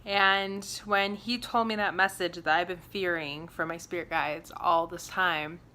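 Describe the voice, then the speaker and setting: A young woman vlogger candidly telling a personal story in casual speech, halting, with many fillers and restarts. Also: lowish voice, steady tone, bright, forceful tone.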